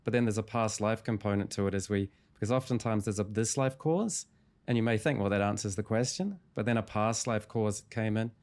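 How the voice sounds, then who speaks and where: A man with a fairly low voice speaks as a guest in an interview. He retells a client's story in a calm, measured way, walking through each step of a session. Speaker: hypnotherapist guest.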